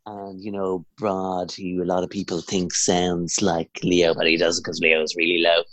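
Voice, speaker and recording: A man's voice: low-pitched, completely flat delivery, measured pace, hardly any pauses, fairly bright tone, no room sound. A man, an impressionist guest, chatting casually and rambling with many fillers and restarts. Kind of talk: casual chat.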